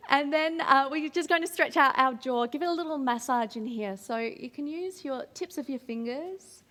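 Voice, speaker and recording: An Australian woman leading a drama workshop, guiding a voice warm-up in an upbeat, encouraging way while demonstrating the exercises. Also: sits high, normal speed.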